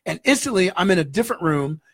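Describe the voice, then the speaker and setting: A man, a guest in an interview, telling a story in an animated way and acting out the voices in it. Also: sits high, fast talker, no echo, clean studio sound. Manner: animated, acts out dialogue in the story.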